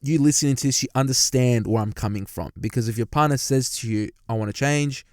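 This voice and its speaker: A man's voice: mid-range voice, quick pace, no room sound, studio quality. A young man ranting heatedly in his car, swearing often and talking straight to his listeners. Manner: heated, swearing, animated, talks to listeners directly. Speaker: commentator reacting to a story. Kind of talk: profane reaction rant. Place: inside a parked car.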